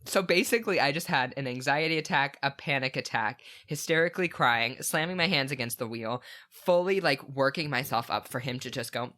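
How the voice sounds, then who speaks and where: Bright-voiced man telling an animated story. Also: medium pitch, brisk, hardly any pauses. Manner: animated storytelling, many "like" fillers. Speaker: podcast co-host. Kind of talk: casual storytelling chat.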